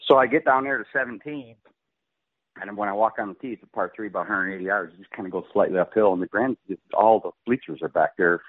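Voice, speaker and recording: A man's voice: lowish voice, fast talker. A middle-aged man, a pro golfer, telling a story casually and acting out the quotes with laughs. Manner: animated, acts out quotes, laughs often. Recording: phone-like radio line.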